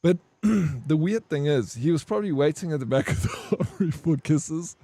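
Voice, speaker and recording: A man's voice: a little high, lively intonation, moderate pace, dark tone, no room sound. Rambling crude-talking male game streamer. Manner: rambling, crude, laughing while telling an army story. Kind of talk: casual gaming stream storytelling.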